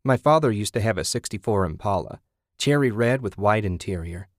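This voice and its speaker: A man's voice: on the low side, expressive, fairly quick, dry recording, clean studio sound, lightly acted. A man reading the part of a stubborn husband who loves cars, enthusiastic and defensive in an audiobook. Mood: eager. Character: eager car-loving husband, stubborn.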